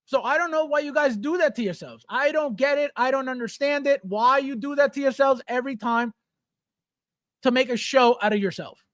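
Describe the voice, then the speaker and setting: This man's voice is extremely high in pitch, a bit bright and a little fast. Hosting a livestream, he reads out viewer chat and answers it in a blunt, heavily profane casual rant, recorded at studio quality without echo.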